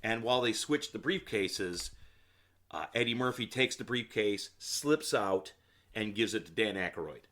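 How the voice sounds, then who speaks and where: A man's voice: on the low side, lively intonation, unhurried, fairly bright tone. A man hosting a solo comedy podcast and recapping a film in a casual, rambling way, with filler words and asides. He gives blunt opinions and talks straight to the listener. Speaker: podcast host.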